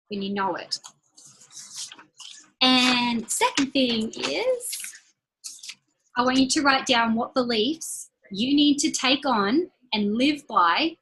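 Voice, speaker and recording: A woman leading a training call, giving an upbeat motivational talk in a chatty, personal way and repeating key lines slowly for emphasis. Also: a little high, fairly bright tone, poor audio. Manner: chatty and personal, laughs between points.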